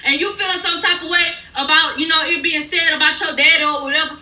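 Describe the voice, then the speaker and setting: A woman's voice: sits high, fairly even intonation, fast, bright, forceful tone, roomy sound, poor audio. A woman giving a blunt, profane, sassy recap of a reality TV episode in casual speech.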